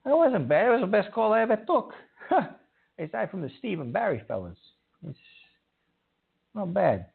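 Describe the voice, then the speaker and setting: A man's voice: high voice, very animated, normal speed, vocal fry, long pauses, slightly rough. A man hosting a call-in radio show, talking emphatically and repeating himself, scolding callers. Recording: tinny phone-like audio.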